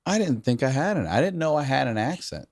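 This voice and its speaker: Man co-host, casual chat, wildly swinging pitch, dry close mic, swears a lot. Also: big pitch swings, darkish tone, dry recording. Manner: profane, quick reactive quips.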